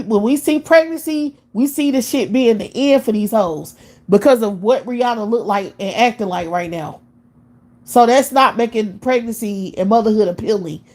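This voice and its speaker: A woman's voice: fairly high pitch, darkish tone. A woman, hosting a live stream, ranting scornfully and bluntly with lots of cursing and repetition. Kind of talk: profane casual rant.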